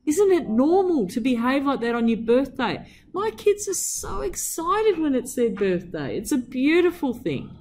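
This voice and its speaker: Very animated, this woman teacher speaks a little slowly with few pauses in a darkish tone, while a little hiss or hum sits under the recording. She reads from a novel and digs into it with her students, asking them questions, her pitch and emphasis swinging widely.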